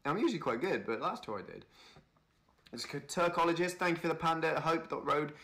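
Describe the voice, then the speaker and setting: A man's voice: on the high side, lively intonation, fairly quick, pushed and bright. A man hosting a casual livestream, chatting with a friend and thanking viewers by name. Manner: reads out viewer names and thanks them, chatty and upbeat. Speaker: livestream host.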